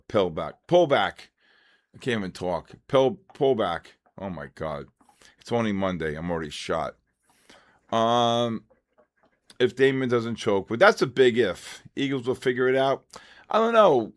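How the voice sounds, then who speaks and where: A man in his sixties hosting a casual live trading stream, chatty and rambling, calling out to viewers by name. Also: medium pitch. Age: 60s. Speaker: trading livestream host.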